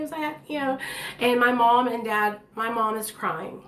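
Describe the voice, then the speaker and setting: A woman's voice: fairly high pitch, steady tone, normal speed, fairly bright tone. A woman telling her own story to her viewers in a candid, blunt, chatty way. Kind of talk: casual storytelling to camera. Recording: echoey room.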